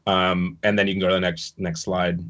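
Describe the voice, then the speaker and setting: A man's voice: low-pitched, level tone, brisk, a bit bright. A man casually recounting his work on a dance production, rambling with fillers and restarts, on a video call. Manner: rambling, with many fillers and restarts, chuckling at times. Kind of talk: casual recounting in an online panel discussion.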